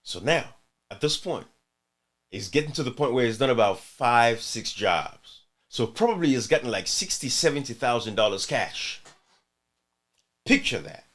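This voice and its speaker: A man's voice: medium pitch, lively intonation, normal speed, fairly bright tone. A man hosting a channel who comments earnestly on an interview clip, addressing viewers directly and repeating himself for emphasis.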